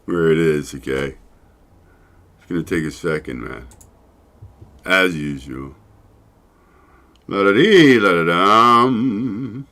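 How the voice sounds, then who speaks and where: A man's voice: extremely low pitch, unhurried, pauses often, fairly bright tone. A man hosting his own show, chatting casually and rambling, swearing freely and laughing often. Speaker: show host. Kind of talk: casual solo livestream chat.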